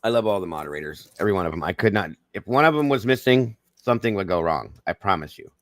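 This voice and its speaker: A fast-talking man with a Southern American accent, from the Southern United States, hosts a livestream and greets viewers one after another in a friendly, folksy way. His voice sits low with lively intonation, and the recording is dry.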